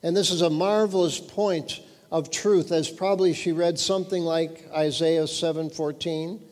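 A man preaching a sermon, earnest and emphatic, dropping lower and quieter when he reads scripture. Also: fairly even intonation, normal speed. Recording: long hall reverb.

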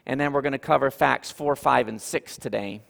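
Male pastor, sermon delivery, earnest and emphatic, fry in the voice, reverberant church hall. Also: medium pitch, moderate pace, fairly bright tone. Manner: earnest teaching, repeats points for emphasis.

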